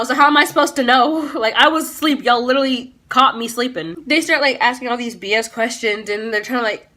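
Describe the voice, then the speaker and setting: A teenage girl telling a storytime on her vlog in a bright, crisp, slightly high voice. She is blunt and sassy, swears freely, and breaks off into quick self-aware asides. The delivery is casual and chatty throughout. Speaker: vlogger.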